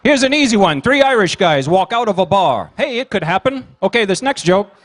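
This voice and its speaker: A high-voiced man does a stand-up routine as the evening's emcee. He tells quick one-liners and teases people in the audience, and his voice carries through a banquet hall. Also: big pitch swings. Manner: rapid one-liners with teasing crowd work. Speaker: comedian and emcee at a gala dinner.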